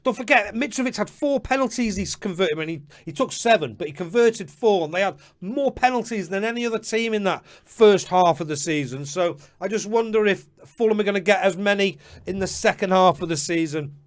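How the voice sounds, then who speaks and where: A man hosting a live fantasy football stream, chatting to viewers by name with quick apologetic asides. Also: high voice. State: slightly out of breath. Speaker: host.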